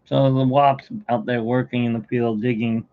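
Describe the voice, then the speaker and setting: A man's voice: medium pitch, level tone, normal speed, narrow, tinny audio. A middle-aged man hosting a live stream, chatting casually and telling jokes in a rambling, self-mocking way.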